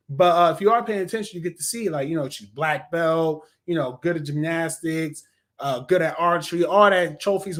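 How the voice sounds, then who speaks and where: A man co-hosting a podcast, chatting casually in a review, rambling with many fillers and self-corrections, and speaking to listeners in a laid-back way. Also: on the high side. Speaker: podcast co-host reviewing a TV series.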